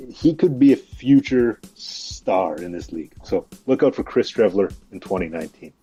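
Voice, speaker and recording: Man, podcast co-host, mellow husky voice, lo-fi sound, faint music. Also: fairly low pitch, lively intonation, normal speed. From Canada. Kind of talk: casual podcast chat. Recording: dull lo-fi audio with faint music.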